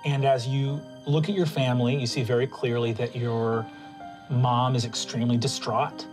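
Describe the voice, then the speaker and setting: A man's voice: mid-range voice, level tone, moderate pace. Casual profane male GM narration, music bed under. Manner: casual, profane, filler-heavy. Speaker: game master. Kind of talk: narrating a tabletop game.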